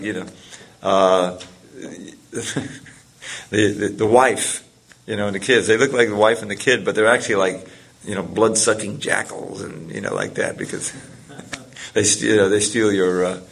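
A spiritual teacher with a lowish, slightly bright voice tells a scripture story to a group, rambling, chuckling, and restarting often. There's slight background noise in the recording.

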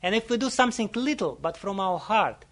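Guy with a higher voice giving a sermon, earnest, laughs a lot, lots of ums. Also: lively intonation, a little fast, a bit bright. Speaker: religious teacher. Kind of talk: sermon with storytelling.

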